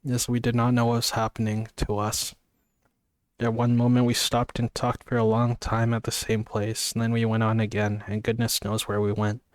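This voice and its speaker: A man's voice: mid-range voice, monotone, moderate pace, clear, resonant tone, no echo, clean studio sound. A man casually reading a novel aloud, sleepy and yawning, stumbling over words and apologizing. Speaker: amateur reader.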